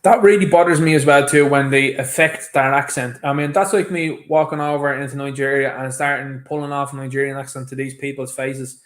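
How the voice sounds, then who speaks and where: A man's voice: medium pitch, fairly even intonation, brisk, hardly any pauses. An Irish man hosting his own show, giving an emphatic, indignant opinion commentary on a clip. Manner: emphatic, indignant, mimics others mockingly. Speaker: show host.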